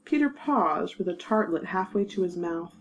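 A woman with a fairly low voice narrates a fanfiction audiobook. Her telling is measured and wry, and she keeps an even storyteller's pace. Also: muffled recording, slight background noise. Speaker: narrator and producer.

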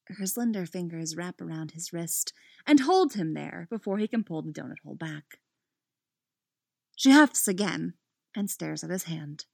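Woman reading a story aloud, lively pitch. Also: normal speed, gravelly, dry recording, clean studio sound.

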